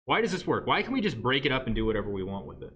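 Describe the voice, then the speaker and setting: A man's voice: medium pitch, very animated, rapid-fire, pushed and bright. A male math teacher giving a livestreamed lesson in a joking way, often checking in with "right?". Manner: joking, asks "right?" constantly.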